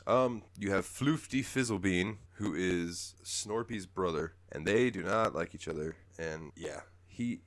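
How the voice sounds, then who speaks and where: A man's voice: low voice, a little slow, few pauses, no room sound. A man hosting a casual podcast, telling stories animatedly and slipping into character voices. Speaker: podcast host. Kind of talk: casual chat.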